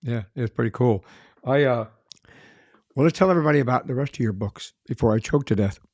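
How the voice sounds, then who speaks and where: A man's voice: mid-range voice, brisk, a little mellow, no echo, clean studio sound. A man hosting a podcast, telling easygoing, rambling anecdotes in conversation. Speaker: podcast host. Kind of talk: conversational interview.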